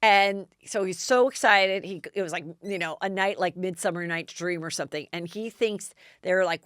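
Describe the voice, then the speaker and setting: A woman's voice: normal speed, few pauses, fairly bright tone, smooth, no room sound, clean studio sound. A woman hosting a casual gossip podcast, telling stories in a chatty way and acting out other people's lines. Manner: chatty storytelling, acts out quotes with big pitch jumps. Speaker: podcast host. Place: Los Angeles.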